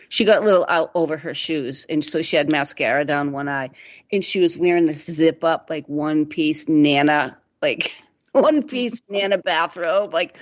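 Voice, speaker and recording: A middle-aged woman, co-hosting a radio talk show and telling stories in a rambling, casual way full of "like" fillers. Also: low-pitched. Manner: rambling, laughing storyteller with many "like" fillers. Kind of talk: casual storytelling chat. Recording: dull lo-fi radio sound.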